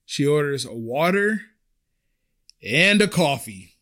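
Young guy podcaster telling a story, kinda high voice, does all the voices. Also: measured pace. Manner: animated, acts out quoted voices. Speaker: podcast host. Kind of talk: personal storytelling.

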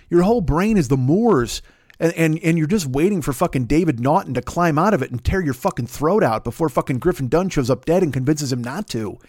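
A man delivering a rambling, profane comedic monologue as podcast host, stammering through restarts and shouting out bits. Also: on the high side, no echo, clean studio sound. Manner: shouts bits in put-on voices.

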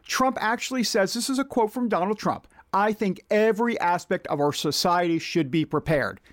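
High-voiced indignant male commentator. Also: moderate pace, dry recording, studio quality. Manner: indignant, rhetorical, reads out quotes. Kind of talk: political commentary monologue.

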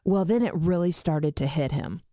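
A woman in casual chat telling a family story with lively energy. She swears freely and acts out her relatives' voices. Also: sits low, moderate pace, no room sound, clean studio sound.

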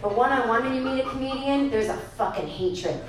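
A woman's voice: sits high, a little fast. A woman performing a profane, wry stand-up comedy set on a club stage, acting out the people in her stories. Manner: profane, wry, acts out other people's voices. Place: comedy club stage before a live audience. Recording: echoey live club, mic far off, crowd noise. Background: audience laughter.

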